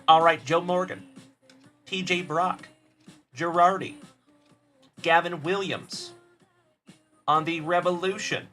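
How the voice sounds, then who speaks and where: A man's voice: a little high, fairly even intonation, slow, long pauses, bright, forceful tone, soft background music. A man hosting a card-opening livestream, upbeat and friendly, greeting viewers by name as he goes. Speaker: host of a trading card break livestream. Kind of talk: livestream chat shout-outs.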